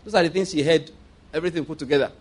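A man's voice: fairly high pitch, very fast. A man preaching a sermon as a story, repeating himself for emphasis, checking in with his listeners and chuckling along the way. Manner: chuckles often while telling.

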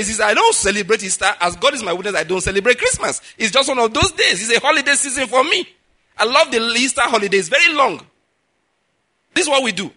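A man's voice: very high-pitched, sharp tone, husky. A man preaching a sermon as a pastor, emphatic, often checking in with the listeners with asides. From Nigeria.

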